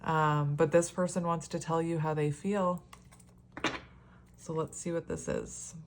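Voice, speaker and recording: A woman's voice: low-pitched, fairly even intonation, measured pace, a little hiss or hum. A woman in a casual solo tarot reading, chatty and rambling, often laughing and exclaiming at the cards. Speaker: tarot reader.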